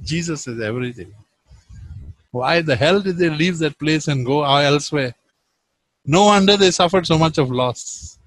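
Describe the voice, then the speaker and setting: A man preaching a sermon, reading Bible verses and swinging from loud emphasis to hushed tones. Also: fairly high pitch, normal speed, pauses often, no room sound, low-quality recording.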